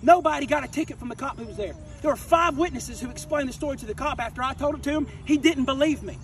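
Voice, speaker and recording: A man's voice: very high voice, fast. A man preaching an informal sermon, emphatic and confrontational, hammering home key phrases by repeating them. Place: outdoors near a wrecked car. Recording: distant mic with faint outdoor noise.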